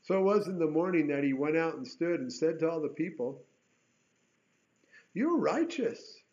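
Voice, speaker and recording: A man's voice: on the high side, fast talker, a little mellow. A man teaching through Bible passages verse by verse, reading aloud and breaking off into casual, conversational asides. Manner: conversational, with chatty asides between read verses. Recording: dull lo-fi recording.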